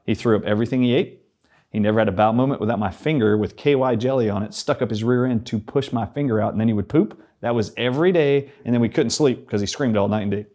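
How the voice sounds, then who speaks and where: A man, a guest in an interview, telling a personal story in an animated way and acting out the dialogue he remembers. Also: medium pitch, fast.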